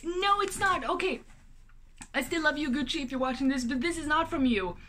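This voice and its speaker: A young woman vlogging from her apartment as she unboxes a package, chatty and excitable, gasping and exclaiming with lots of fillers. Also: high-pitched, a little fast. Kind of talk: casual unboxing vlog.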